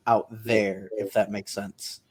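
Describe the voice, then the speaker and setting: A man's voice: lowish voice, level tone, takes it slowly, slightly rough. A man playing a tabletop game, thinking aloud and hesitant as he describes his character's plan. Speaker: player.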